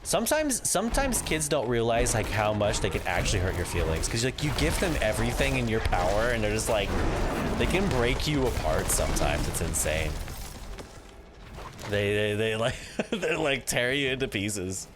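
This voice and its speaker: Over game music, a young father streaming a game talks at a moderate pace in a lowish, sing-song voice. His chat is casual and animated, peppered with laughter and acted-out family conversations.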